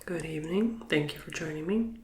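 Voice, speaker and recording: A man speaking in a soft whisper as an ASMR tarot reader, with a nasal, slightly stuffy voice from a recent illness and a casual manner full of fillers. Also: fairly high pitch, brisk, roomy sound.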